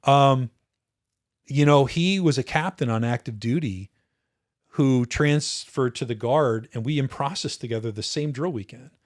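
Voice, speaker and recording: A man in his fifties speaks as a guest in a relaxed conversation. He looks back earnestly and thoughtfully, stopping and restarting his phrases as he goes. His voice sits at an ordinary middle pitch for a man. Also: a little slow. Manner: earnest, reflective, frequent restarts. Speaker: podcast guest, retired officer. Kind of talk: casual interview storytelling.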